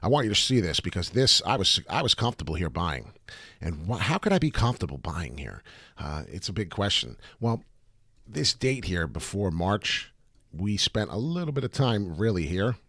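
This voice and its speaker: A low-voiced man talks through trading charts in a loose, swearing, catchphrase-heavy way. His pitch swings up and down a lot. The sound is dry and close, with no room in it. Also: normal speed, no echo. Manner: animated, profane, hype catchphrases. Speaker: crypto trading channel host. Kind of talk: casual chart walkthrough.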